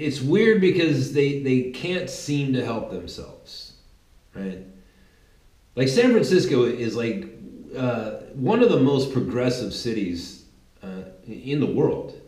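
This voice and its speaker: A man's voice: medium pitch, a little mellow, reverberant, rough recording. A man giving a rambling, emphatic political monologue, often restarting his sentences and adding asides. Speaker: political commentator.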